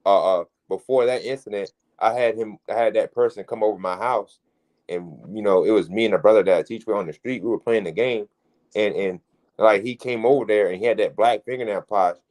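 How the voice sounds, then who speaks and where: A man's voice: on the low side, brisk, a little mellow, poor audio. A man telling a personal story in a casual, rambling way, restarting his phrases as he goes. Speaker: street preacher in group discussion.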